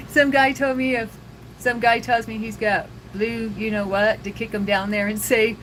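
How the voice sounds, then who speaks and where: A young woman with a high, bright voice hosts a laid-back livestream, talking to viewers at an unhurried pace. She laughs often and keeps the chat loose. A faint hum of noise sits behind her. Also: steady tone, poor audio. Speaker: livestream host.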